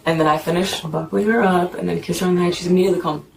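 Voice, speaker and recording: A young woman telling a police officer what happened, talking fast and filling her story with "like" and acted-out quotes, recorded on a bodycam. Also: on the low side, fairly even intonation, vocal fry, a little mellow. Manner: fast, repeats "like", acts out quotes. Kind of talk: retelling events to an officer. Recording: noisy bodycam audio from a distance.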